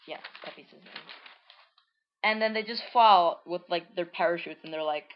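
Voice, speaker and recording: A woman's voice: fairly low pitch, normal speed. A woman casually reading aloud and explaining a comic she made as a child, rambling with many asides. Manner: rambling, full of likes and restarts, amused. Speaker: reader. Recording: dull lo-fi recording.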